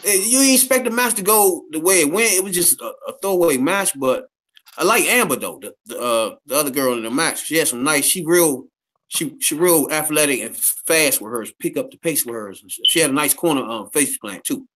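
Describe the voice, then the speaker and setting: A man's voice: a little high, lively intonation, brisk, a bit bright. Slangy, laid-back male podcast co-host. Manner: slangy, laid-back, repeats "you know what I'm saying". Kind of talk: casual wrestling review chat.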